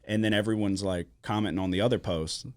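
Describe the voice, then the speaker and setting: A man from Louisiana hosting a sports-betting podcast, telling a story in casual chat with a lot of swearing and animated emphasis. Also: on the low side, fast, no room sound, clean studio sound. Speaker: podcast host. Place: studio.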